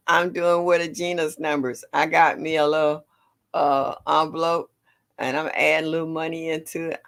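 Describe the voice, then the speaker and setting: Older lady on a livestream, gravelly voice, chatty, says hi to everybody by name. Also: low voice. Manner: greets viewers by name, chatty and affectionate. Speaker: livestream host. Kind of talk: casual livestream chat.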